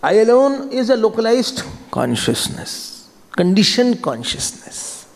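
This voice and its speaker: Animated Indian swami in a reverberant hall. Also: male voice, high voice, measured pace. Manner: animated, switching between English and Hindi. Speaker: swami, spiritual teacher. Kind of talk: spiritual discourse with storytelling.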